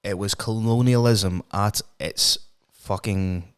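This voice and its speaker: Emphatic man, smooth voice. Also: on the low side, steady tone, takes it slowly. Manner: emphatic, swears freely. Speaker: podcast co-host. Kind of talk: casual opinionated chat.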